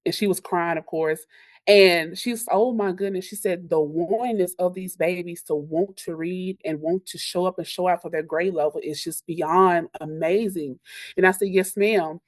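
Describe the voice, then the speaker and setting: A woman teacher talks in a podcast interview, lively and full of stories. She acts out her students' voices as she goes. Her voice sits on the low side and sounds dry and close to the mic. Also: dry recording. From Louisiana. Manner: animated storyteller, acts out quotes from kids. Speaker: elementary school teacher.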